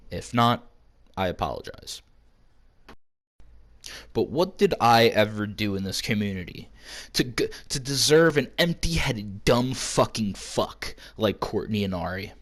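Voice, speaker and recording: A man's voice: fairly low pitch, fairly bright tone. A man cutting a profane, ranting in-character wrestling promo.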